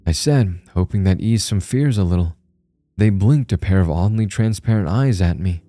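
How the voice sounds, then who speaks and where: Deep, dark-toned male horror narrator. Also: expressive, normal speed. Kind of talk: scripted horror story narration. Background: soft music.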